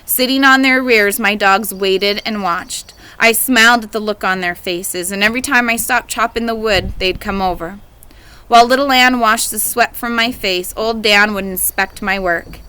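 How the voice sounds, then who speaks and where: Woman, audiobook reader, bright voice, expressive storytelling, reading a novel aloud. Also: medium pitch, moderate pace, clean tone, poor audio.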